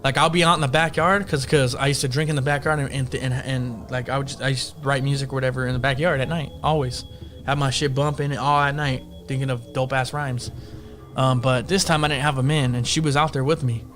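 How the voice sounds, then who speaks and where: A man's voice: medium pitch, flat delivery, brisk, fairly bright tone, faint music behind. A man casually telling a ghost story on a podcast, profane and slangy, acting out the other people's lines. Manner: profane, slangy, acts out quotes in voices.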